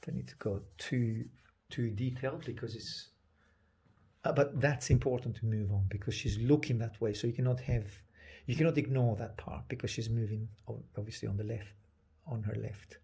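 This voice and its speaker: Soft-spoken gravelly man teaching painting. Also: mid-range voice. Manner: soft-spoken, often drops to a whisper while painting; halting, thinking aloud with restarts. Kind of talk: live painting demonstration.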